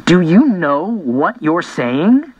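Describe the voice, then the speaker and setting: A man's voice: on the high side, sing-song, takes it slowly, a little mellow, husky, no echo, lo-fi sound, heavily acted. A man voicing a sarcastic, incredulous young woman in an audiobook. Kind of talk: audiobook character voice.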